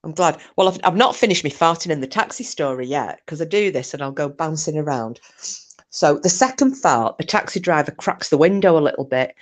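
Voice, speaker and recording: Giggly British woman with a lowish voice. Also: lively intonation, brisk. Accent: British English. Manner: giggly, rambling storyteller who breaks into laughter. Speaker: livestream host. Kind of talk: casual livestream chat reading out viewer comments.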